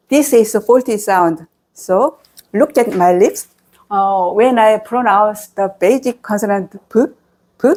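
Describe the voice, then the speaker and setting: A woman with a Korean accent, a native Korean speaker, teaching pronunciation to a class, slowly modeling sounds and praising her students. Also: medium pitch, sing-song, a little mellow.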